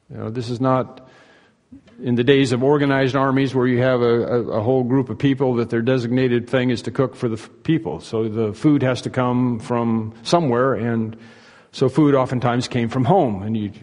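A man preaching a sermon, telling the story in a folksy, humorous way with many fillers and pauses. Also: medium pitch, a little mellow, long reverb tail. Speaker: pastor.

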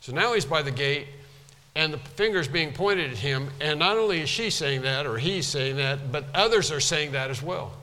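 Bright-voiced male preacher in a reverberant hall. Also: fairly high pitch, lively intonation, normal speed. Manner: explains word by word, repeats for emphasis. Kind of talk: expository Bible teaching.

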